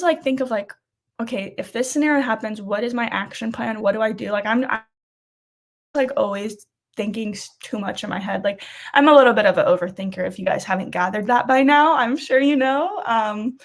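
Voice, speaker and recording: Young woman, casual live chat, chatty and rambling, laughs a lot, fairly high voice. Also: moderate pace. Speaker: host of a weekly live chat.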